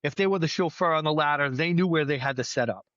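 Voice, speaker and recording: A middle-aged man, a battalion chief, telling firefighting stories in a casual podcast chat, plainspoken and lively. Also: a little high, fast talker, no echo, lo-fi sound. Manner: storytelling, animated, plainspoken with mild swearing.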